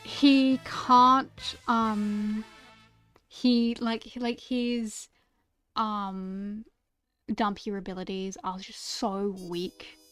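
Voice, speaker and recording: A woman's voice: medium pitch, little pitch movement, very slow, fairly bright tone, clean tone, soft background music. A young woman streamer chatting casually and gushing about favorite characters, stammering and repeating words often.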